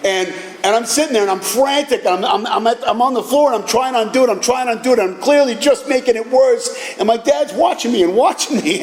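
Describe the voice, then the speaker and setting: A middle-aged man giving an animated personal talk at a recovery meeting, telling stories with casual profanity. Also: extremely high pitch. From Boston area, USA. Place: meeting hall. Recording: echoey hall with faint ambience.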